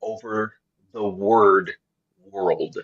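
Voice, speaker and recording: A man talking earnestly and slowly about Bible verses in a casual discussion, often restarting his sentences. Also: lowish voice, fairly even intonation, muffled recording. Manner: slow, earnest preaching tone with many restarts. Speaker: co-host of faith podcast.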